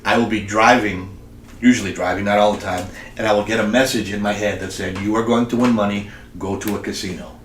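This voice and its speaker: A man co-hosts a casual podcast and races through a rambling, animated story. His voice sits on the low side. The sound is echoey, with a faint hiss underneath. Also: fairly quick. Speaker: podcast co-host. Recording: echoey room with faint noise.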